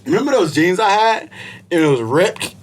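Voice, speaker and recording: This young man from Israel spins animated, slangy stories in casual podcast chat and laughs often. His pitch sits mid-range but swings widely, and a faint hiss lies under the voice. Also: normal speed. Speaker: podcast co-host.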